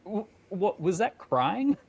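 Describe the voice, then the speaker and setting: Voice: mid-range voice, very animated, slow pace, vocal fry, husky. A co-host chatting casually and tossing in wry reactions and comments. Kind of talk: casual chat.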